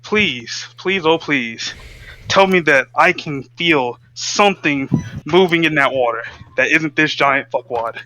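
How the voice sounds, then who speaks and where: A man playing a tabletop role-playing game in casual chat, excitable and swearing freely, slipping into his character's lines. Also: fairly high pitch, unhurried, no echo, low-quality recording. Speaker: player.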